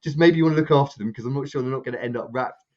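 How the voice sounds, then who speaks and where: A man's voice: rapid-fire, highs cut off. A man, a podcast co-host, rambling through a casual anecdote and acting out what others said. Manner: rambling, animated, acts out quotes with raised pitch. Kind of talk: casual storytelling chat.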